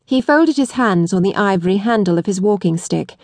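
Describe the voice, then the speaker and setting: A woman audiobook narrator reading a period novel in first person, with a measured, deliberate delivery. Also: medium pitch, animated, a little mellow, dry recording. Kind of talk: scripted narration.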